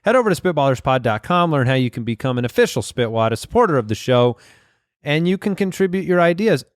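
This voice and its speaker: Goofy man with a lively, fairly high voice. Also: fast, smooth, no echo, clean studio sound. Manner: goofy, self-mocking. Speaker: podcast co-host. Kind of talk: casual comedic banter.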